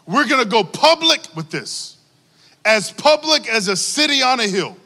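A man preaching a sermon to a congregation, animated and calling out for responses from the crowd. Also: extremely high pitch, normal speed, in a large hall. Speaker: pastor.

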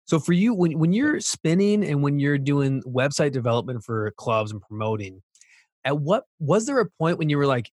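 A man hosting a casual interview podcast, enthusiastic and quick to laugh. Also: on the high side, big pitch swings, darkish tone, no room sound, clean studio sound. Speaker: podcast host.

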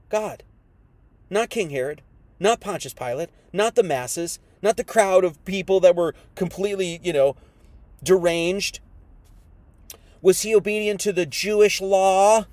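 A man preaching a sermon who reads scripture aloud, then explains it in casual slang, swinging between hushed reading and loud emphasis. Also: high-pitched, no echo.

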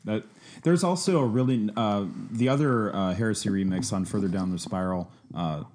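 A man co-hosting a podcast, speaking casually and agreeably, with frequent pauses and fillers. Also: fairly low pitch, a little mellow. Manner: hesitant, agreeable. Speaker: podcast co-host. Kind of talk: casual chat.

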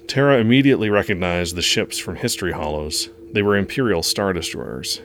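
A man reading a story aloud in an earnest, steady narrating manner. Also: sits low, fairly quick, noisy background.

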